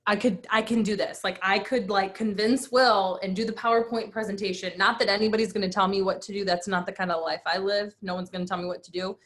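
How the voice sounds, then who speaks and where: A woman's voice: medium pitch, quick pace, few pauses. A woman in her thirties, a guest speaker, telling her personal story with emphatic energy and acted-out quotes. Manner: animated, emphatic, acts out quotes.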